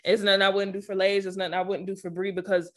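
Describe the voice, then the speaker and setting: A woman with a mid-pitched voice chats on a casual podcast. She speaks affectionately, dropping honey and baby into her sentences. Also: little pitch movement, quick pace. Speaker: podcast co-host. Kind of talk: casual chat.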